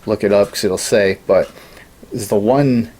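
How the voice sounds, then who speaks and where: A man's voice: on the low side, measured pace, mellow. A man in casual studio chat, telling long gaming stories with lots of swearing and laughter. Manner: rambling storyteller, swears often, laughs at his own stories. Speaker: podcast co-host.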